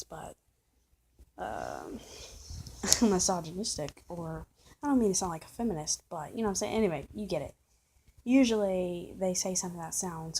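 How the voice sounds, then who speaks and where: Low, gravelly rambling woman vlogger. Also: a little hiss or hum. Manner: rambling, many fillers, self-interrupting. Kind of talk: rambling casual vlog.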